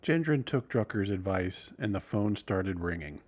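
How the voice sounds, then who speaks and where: Guy with a lowish voice reading podcast narration, steady and measured. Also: slight background noise. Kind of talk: scripted narration.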